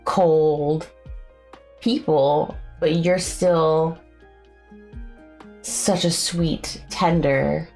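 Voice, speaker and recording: A young woman chats on her live stream in a slightly low, easygoing voice. She rambles, giggles often and pokes fun at herself. Faint music plays behind her. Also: fairly even intonation, very slow, long pauses, darkish tone. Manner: giggly, rambling, self-deprecating. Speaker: streamer and artist. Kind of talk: casual live-stream chat.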